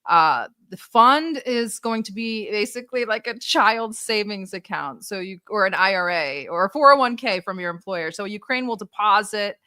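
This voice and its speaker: A woman's voice: mid-range voice, lively intonation, normal speed, hardly any pauses, sharp tone, clear, resonant tone, no room sound, studio quality. A woman hosting a political livestream, explaining a deal in a wry, casual way and laughing at her own remarks. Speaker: livestream news host.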